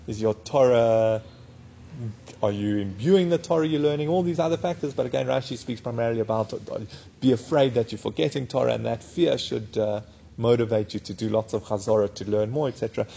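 A man giving a daf yomi Talmud class, reading the Aramaic text and explaining it in English in a casual, unhurried way. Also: mid-range voice, vocal fry, mellow, slight background noise. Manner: casual and unhurried, with many fillers. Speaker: Talmud teacher.

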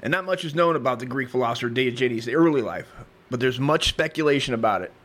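A man's voice: medium pitch, animated, quick pace, fairly bright tone. A man hosting a comedy podcast, reading history aloud and riffing in a crude, rambling, profane way. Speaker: podcast host.

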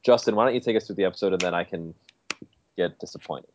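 A man's voice: deep voice, fast talker, slight background noise. Teasing man on a dull lo-fi mic. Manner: teasing, mock-offended. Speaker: podcast co-host. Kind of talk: casual podcast banter.

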